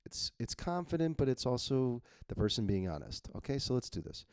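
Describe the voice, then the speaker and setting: A man's voice: mid-range voice, big pitch swings, brisk, few pauses, darkish tone, no echo, studio quality. A man editing his own novel on screen, thinking aloud bluntly and reading his draft lines to test them. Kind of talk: casual screen-recorded editing walkthrough.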